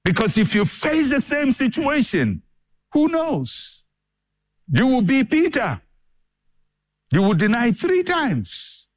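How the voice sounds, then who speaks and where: In an emphatic, dramatic sermon, a man with a rather high voice keeps an unhurried, measured pace. He leans on repetition to build intensity, his pitch rising and falling sharply as he presses every point.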